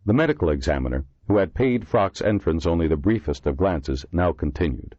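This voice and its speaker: A man reading a horror thriller audiobook in expressive, measured narration. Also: sits low, no echo. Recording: dull lo-fi dry recording.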